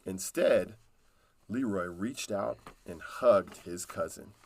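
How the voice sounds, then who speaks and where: A man reading a children's storybook aloud in a calm, unhurried way. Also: deep voice.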